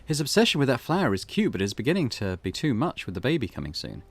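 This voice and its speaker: A man voicing an anxious young pregnant village wife in a put-on Eastern European accent, high-pitched and pleading, scolding and insistent. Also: wildly swooping pitch, quick pace. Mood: dreamy worry.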